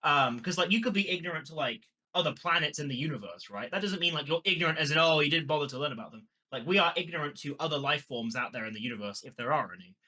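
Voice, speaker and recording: Bright-voiced English man, animated chat. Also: fairly high pitch, quick pace, hardly any pauses. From England. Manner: animated, restarts sentences often. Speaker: podcast co-host. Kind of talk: casual chat.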